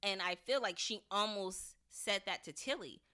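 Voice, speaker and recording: A young woman hosting a podcast, giving a chatty, animated spoken review and acting out lines from the episode. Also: mid-range voice, normal speed.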